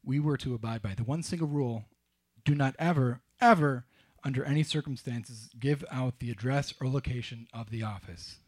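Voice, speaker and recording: A middle-aged man telling a wry, self-mocking personal story on stage, with halting restarts. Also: medium pitch, warm tone, slightly rough. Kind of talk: live storytelling.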